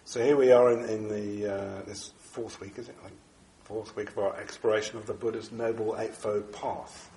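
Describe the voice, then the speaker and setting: A man with a congested, bunged-up voice from a cold, giving a Buddhist dharma talk to a group in a halting way with many fillers and restarts. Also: on the low side, little pitch movement, dark tone. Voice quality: bunged up, nasal. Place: echoey room with a small audience. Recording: echoey room recording.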